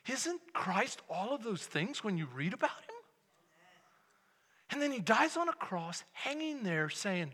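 A man preaching with a very high, bright, ringing voice that swings widely in pitch. His delivery climbs from hushed tenderness to shouted fervor. The sermon echoes through a large church hall with a long reverb tail. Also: very animated, measured pace, breathy edge. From Texas. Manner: builds from soft and intimate to loud, shouted passion. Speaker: pastor. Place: church sanctuary.

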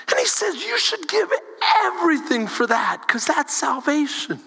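Animated high-voiced male pastor preaching. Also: moderate pace, in a large hall. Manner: animated, calls for responses from the congregation. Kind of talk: sermon.

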